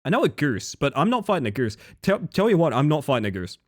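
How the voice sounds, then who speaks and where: This fast-talking streamer, a young Australian man, rambles through one joke after another for his live audience, swearing freely as his voice swings through a lively range. The audio is close-miked and dry, with no surrounding room sound.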